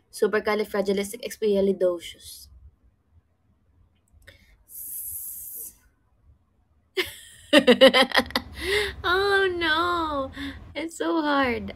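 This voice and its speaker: A woman's voice: a little high, a bit bright. A woman co-hosting a livestream, playing a word-guessing game playfully and laughing often. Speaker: livestream co-host.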